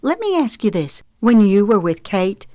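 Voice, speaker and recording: A woman voicing an angry, hurt young mother who snaps and shouts into the phone in an audiobook. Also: mid-range voice, sing-song, normal speed, dry recording, pitched above the performer's own voice, close to an everyday voice. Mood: furious. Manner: sharp, heated, rising to shouts. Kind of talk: audiobook character voice.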